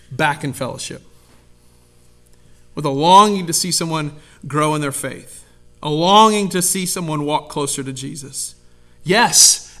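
Animated high-voiced male preacher. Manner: animated, conversational, acts out quotes with sudden loud high voices. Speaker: pastor. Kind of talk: sermon.

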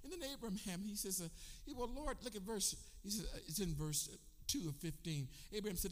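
A man preaching a sermon in a church, emphatic, rising into shouts and sung phrases, and calling on the congregation to answer. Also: sits high, fairly quick. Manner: leads the congregation in call and response. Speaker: pastor. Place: church sanctuary. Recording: echoey hall.

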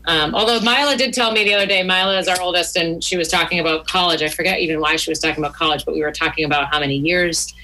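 A woman's voice: fairly low pitch, steady tone, rapid-fire, few pauses, sharp tone, poor audio. A woman co-hosting a money podcast in casual chat, chatty with many fillers. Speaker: podcast co-host.

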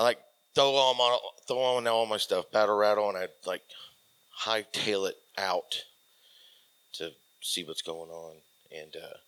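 A man in his forties, a military veteran guest, telling a casual rambling story full of fillers that often trails off softly. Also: sits low.

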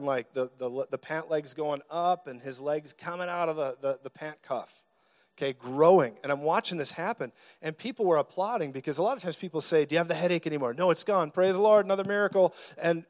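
A male preacher in a church meeting, delivering his sermon as lively storytelling. His voice sits a touch higher than most men's, and he jokes with the crowd before breaking into sudden loud bursts.

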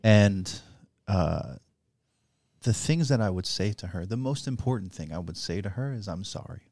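A man's voice: fairly low pitch, animated, normal speed, darkish tone, no echo. A young man co-hosting a podcast, reflective and earnest, with casual swearing. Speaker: podcast co-host. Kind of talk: candid podcast chat.

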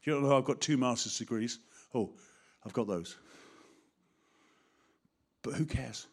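A middle-aged man with an English accent preaches a lively sermon, speaking straight to the congregation and acting out little voices. His voice is medium-pitched, a little slow, and animated.

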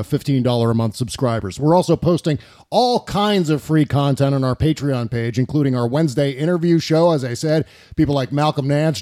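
A man hosting a casual political talk podcast, sarcastic and quick to mock what he quotes. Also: medium pitch, dark tone. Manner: sarcastic, mimics quotes in a mocking voice. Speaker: podcast host.

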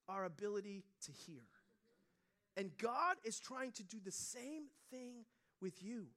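A middle-aged man preaching a sermon in a conversational storytelling way, dropping to a hush and then rising loud. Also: high voice, animated, slow. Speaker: pastor.

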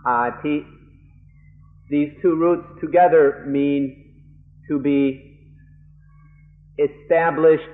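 Monk guy interpreting a dharma talk, really slow careful phrases, sounds like an old phone-quality tape. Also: mid-range voice. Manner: measured, halting phrases with frequent pauses and restarts. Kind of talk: live interpretation of a dharma lecture. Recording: muffled lo-fi archival tape, phone-like band.

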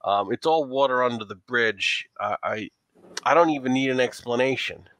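A man voicing a weary, forgiving woman client with an injured arm in a tabletop role-play, talking in halting, rambling bursts. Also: mid-range voice, a bit bright, dry recording, lightly acted. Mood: weary pleading.

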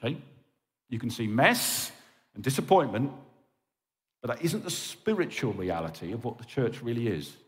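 A man's voice: mid-range voice, sing-song, moderate pace, pauses often. A man preaching a sermon as a pastor, pleading and impassioned, often checking in with his listeners. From England. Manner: impassioned and pleading, with frequent "okay?" check-ins. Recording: reverberant hall.

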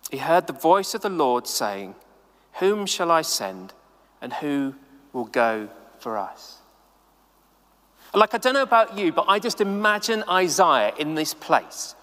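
Guy preaching to camera, very up and down voice, slow and easy, bit of hall echo. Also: fairly high pitch. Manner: animated, conversational, many "like"s. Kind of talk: sermon to camera. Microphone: camera mic.

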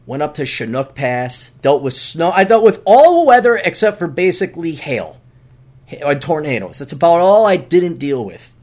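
Male podcast host, fairly high voice, loose and rambling, plugging and storytelling solo. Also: normal speed. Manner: rambling and animated, with jokey asides. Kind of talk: casual solo podcast monologue.

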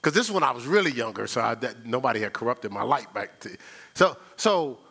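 A man's voice: mid-range voice, brisk, creaky. An older man preaching a sermon as pastor, telling stories in a conversational way and talking straight to the congregation. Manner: animated storytelling, sound effects and laughter; conversational, addresses the congregation directly.

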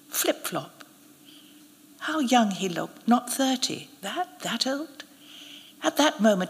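Woman narrating a short story, calm and measured, hall reverb from a live reading. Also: mid-range voice. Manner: measured, quiet, unhurried storytelling. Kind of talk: first-person literary narration. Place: live event venue.

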